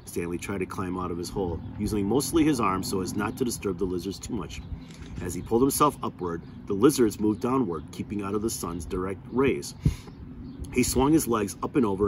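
Low-voiced man reading a novel aloud. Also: brisk, darkish tone, a little hiss or hum. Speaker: reader.

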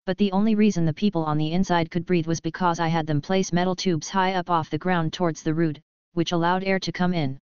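A woman narrating a novel in a steady, even storytelling voice, in a dry, dull lo-fi recording. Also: on the low side, fairly quick, clear, resonant tone, dry recording. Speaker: audiobook narrator.

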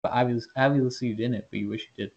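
A man's voice: mid-range voice, steady tone, fast, darkish tone, husky, dull audio. A man hosting a casual interview, asking questions in a hesitant, fan-like way. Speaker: podcast host.

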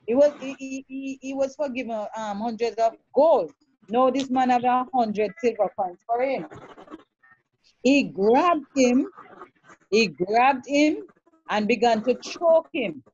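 Halting woman preaching, dull lo-fi sound. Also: high voice, mellow. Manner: halting, repeats words, checks with "all right?". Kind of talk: Bible teaching sermon, reading scripture aloud.

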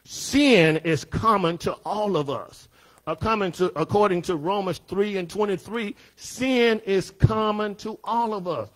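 A man, a pastor teaching a Bible study lesson, emphatic, repeating his phrases and rising at times to a shout. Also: high-pitched, lively intonation, unhurried. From Southern United States.

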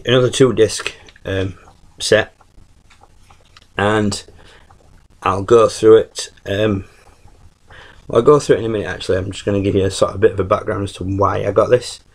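Low, flat-voiced British man reviewing casually. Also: low-quality recording. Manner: rambling with frequent ums and restarts. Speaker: YouTube reviewer.

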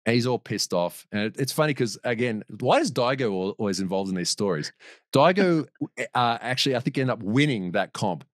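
A man's voice: medium pitch, expressive, fairly quick, no room sound, studio quality. A man as a podcast guest, telling a long story in a rambling way, with restarts and laughs. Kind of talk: casual storytelling.

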